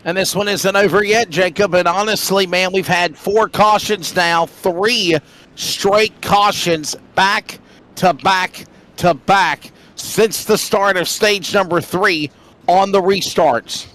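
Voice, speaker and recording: A man doing play-by-play commentary on a sim race, with quick, excitable calls. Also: sits high.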